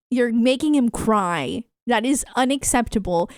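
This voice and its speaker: A woman's voice: fairly high pitch, expressive, normal speed, few pauses, no echo, clean studio sound. A woman streamer chatting with her live chat, playfully mock-offended and laughing often. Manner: soft baby talk to her dog.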